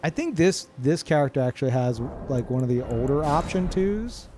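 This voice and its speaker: A man streaming a game live, chatting casually to his viewers, excitable, swearing freely and laughing often. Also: fairly high pitch, normal speed, background noise. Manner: talks to chat. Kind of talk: casual live gameplay commentary.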